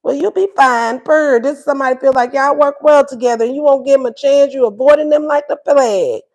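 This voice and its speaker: Woman, tarot reader, sassy, high-pitched. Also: fast, darkish tone. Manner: sassy, acts out voices of both lovers. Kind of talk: casual tarot reading.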